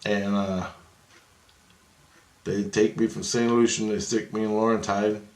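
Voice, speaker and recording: A man with a somewhat low voice tells a long, rambling story, swearing often and getting worked up as he goes. He slips into the voices of the people in it, and his voice rings around an echoey room. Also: level tone, a little slow. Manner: profane, agitated, acts out voices in his story. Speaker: vlogger recounting astral travel. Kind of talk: rambling first-person storytelling.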